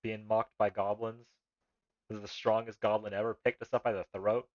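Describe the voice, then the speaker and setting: A man's voice: on the low side, flat delivery, fairly quick, no room sound, dull audio. A man streaming a text adventure live, reading the game's text aloud and making rambling, laughing asides.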